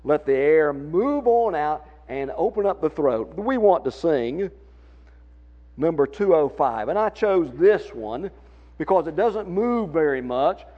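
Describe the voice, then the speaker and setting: A man's voice: on the high side, expressive, a little slow. A man with a Southern accent leading a church congregation in singing tips, folksy and encouraging. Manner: folksy, encouraging, demonstrates voice techniques. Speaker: church song leader. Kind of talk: singing workshop instruction. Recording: muffled lo-fi recording.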